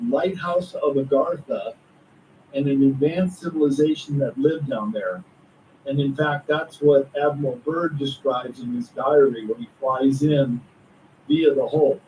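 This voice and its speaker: A man's voice: a little high, slight background noise. Man telling a wild story from a distant mic. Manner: excited storytelling with asides. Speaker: author and guest. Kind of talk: conspiracy talk interview.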